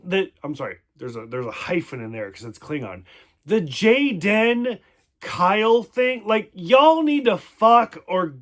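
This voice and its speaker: High-voiced man rambling casually. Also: a bit bright. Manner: rambling, profane, many "like" fillers. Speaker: TV episode reviewer. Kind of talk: casual spoken review.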